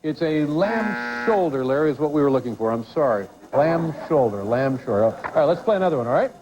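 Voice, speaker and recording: A man's voice: fairly high pitch, lively intonation, fairly quick, a little hiss or hum. Man hosting a quiz, teasing and rambling. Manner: teasing, rambling, with many restarts. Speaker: talk show host running a quiz bit. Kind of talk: joking studio banter. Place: TV studio with a live audience. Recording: muffled broadcast audio with loud crowd.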